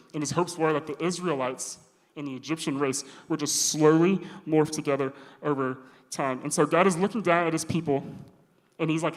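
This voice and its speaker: A man preaching a casual sermon, slangy and animated, acting out the characters' lines himself. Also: a little high. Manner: slangy, animated, acts out quoted voices. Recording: long hall reverb.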